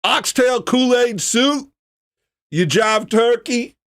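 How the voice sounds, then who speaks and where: Brief: brash shrill swaggering man ordering food, high and hammy as a man puts it on. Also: lively intonation, slow, a bit bright, heavily acted. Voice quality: shrill and exaggerated.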